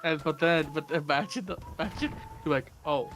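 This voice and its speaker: Playful young man with a fairly high voice. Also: fairly quick, music in the background. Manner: rambling, playful, teasing. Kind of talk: casual gaming stream chat.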